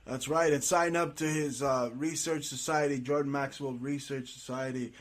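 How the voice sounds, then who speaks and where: A man's voice: mid-range voice, fairly even intonation, normal speed. A man hosting an interview, talking emphatically and filling gaps with stops and restarts. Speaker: host. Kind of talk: conversational interview.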